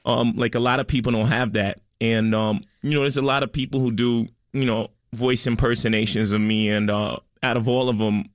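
A comedian doing an impression of a self-assured middle-aged rapper, drawling and full of fillers. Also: male voice, medium pitch, little pitch movement, brisk, hardly any pauses, no room sound, studio quality, natural voice. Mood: laid-back. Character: laid-back famous rapper, man in his 50s.

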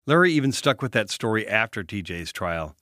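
A man hosting and narrating a true-crime report, telling the story in a measured, matter-of-fact way and putting questions to an interviewee. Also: fairly low pitch, big pitch swings, bright, forceful tone, no echo, clean studio sound. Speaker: podcast host and reporter.

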